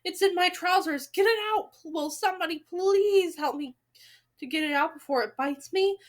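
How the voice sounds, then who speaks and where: A woman doing a frantic, shrill male cook. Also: animated, normal speed. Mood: panicked. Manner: yelling, pleading.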